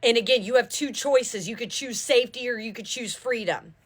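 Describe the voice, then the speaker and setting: A woman's voice: fairly high pitch, fairly quick, fairly bright tone. A woman giving a tarot reading in an urgent, preaching way, often asking if listeners understand and swearing casually. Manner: fervent, preachy, repeats "do you understand". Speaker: tarot reader.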